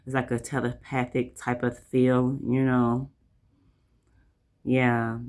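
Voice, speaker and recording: Southern man, tarot reader, casual rambling delivery, mid-range voice, drawls out the card messages slowly. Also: mid-range voice, monotone, a little mellow. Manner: rambling, repeats "like I said" and "you know". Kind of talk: casual tarot reading to camera.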